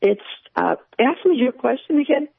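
A woman calls in with her faith story, telling it in an earnest, halting way. Her voice is heavily gravelly and husky. It comes through a tinny, dry phone line. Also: sits high, sing-song, no room sound. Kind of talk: personal faith testimony.

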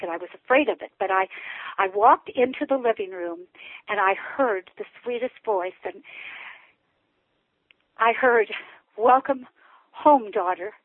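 A woman's voice: medium pitch, dry recording. An older woman giving an emotional personal testimony as a guest, telling her story with many restarts. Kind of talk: personal testimony on a call-in show. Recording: tinny phone line, dry.

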